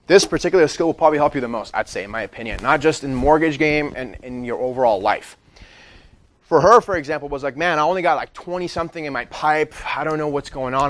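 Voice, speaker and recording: A man giving an energetic training talk to a sales team, who keeps checking in with "right?" and acts out what clients say. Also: medium pitch.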